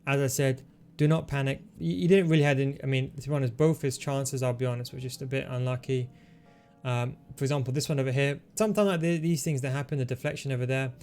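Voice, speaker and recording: A man hosting a gaming tutorial, talking through his moves in a relaxed, coaching way as he plays. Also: medium pitch, fast talker, faint music behind. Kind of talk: commentary over gameplay.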